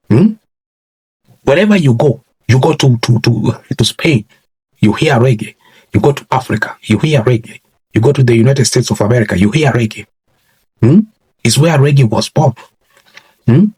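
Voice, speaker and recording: A man's voice: medium pitch, normal speed, long pauses, husky. A man hosting a commentary video, talking emphatically and repeating phrases as he addresses his viewers. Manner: repeats "ladies and gentlemen", emphatic and preachy. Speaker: commentary channel host. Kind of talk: reaction commentary to camera.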